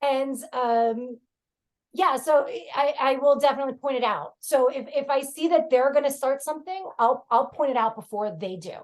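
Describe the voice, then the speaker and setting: A woman's voice: sits high, moderate pace. A woman comedian with a New York accent, chatting frankly on a podcast with lots of fillers and laughter. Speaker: comedian guest. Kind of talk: casual podcast chat.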